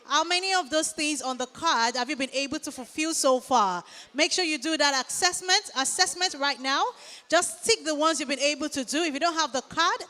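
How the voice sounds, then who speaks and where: A Nigerian woman hosting a live event, talking lively and directly to the crowd in a large hall. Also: sits high. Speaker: event host. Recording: reverberant hall.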